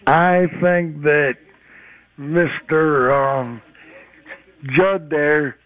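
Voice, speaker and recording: A man calling into a sports radio show, slow and rambling, sounding tipsy. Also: on the high side. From Wisconsin. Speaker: caller. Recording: tinny phone line.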